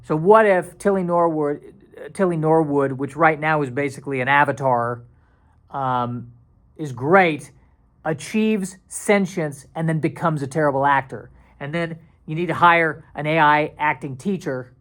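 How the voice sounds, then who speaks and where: A man's voice: fairly high pitch, a little slow, fairly bright tone. A man hosting a solo comedy podcast. He rambles in a self-deprecating way, restarts his sentences and now and then drops into silly put-on voices. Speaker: podcast host.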